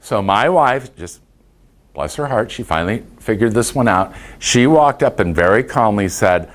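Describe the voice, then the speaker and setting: Folksy caregiver-seminar speaker, a man with a lowish voice that swings widely in pitch. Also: animated, moderate pace. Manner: folksy anecdotal storytelling. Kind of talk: motivational talk to an audience.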